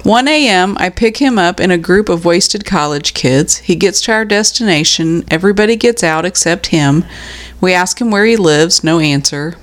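A woman co-hosting a podcast, reading out stories in a casual way and laughing often. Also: mid-range voice. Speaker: podcast co-host. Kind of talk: casual storytelling chat.

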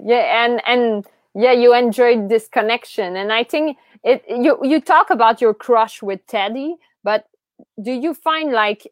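A woman hosting a podcast, asking interview questions in a halting way, searching for words. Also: medium pitch, no room sound, studio quality. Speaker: podcast host.

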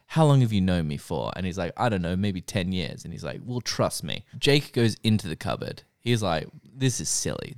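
A man's voice: deep voice, moderate pace, few pauses, dry recording, studio quality. A man co-hosting a casual podcast, recapping a TV show, swearing and acting out the characters' lines. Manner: animated, swearing, acts out quotes. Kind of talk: casual chat.

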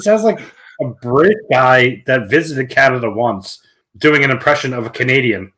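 A man's voice: mid-range voice, animated, moderate pace, sharp tone. A man co-hosting a casual podcast chat, jokey and giggly, cracking stupid jokes. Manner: jokey, giggly, self-deprecating. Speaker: podcast co-host.

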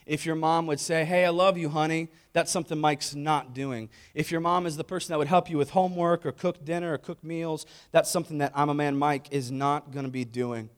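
A man's voice: fairly high pitch, steady tone, a little fast, hardly any pauses, clean tone. A man giving a humorous sermon-style talk, joking and asking the audience questions. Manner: jokey, asks the audience questions.

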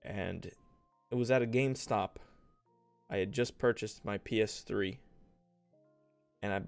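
A man's voice: on the low side, a little slow, creaky, clean tone, no echo, faint music behind. A young man hosting his own podcast, chatting casually and rambling through stories with frequent laughs and self-deprecating asides. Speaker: podcast host and streamer. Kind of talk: casual solo podcast chat.

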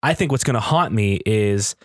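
A man in his thirties co-hosting a casual podcast chat, thinking out loud in a rambling way with restarts and acted-out quotes. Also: fairly low pitch, lively intonation, moderate pace, no echo, clean studio sound. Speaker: podcast co-host.

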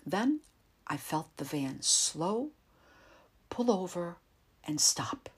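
A woman narrating a first-person story in a quiet, tense, measured way. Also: on the low side, big pitch swings, slightly rough.

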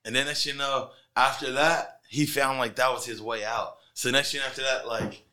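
A middle-aged man on a casual podcast, telling his fight stories with animated energy and plenty of swearing. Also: mid-range voice, normal speed. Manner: animated storyteller, heavy swearing.

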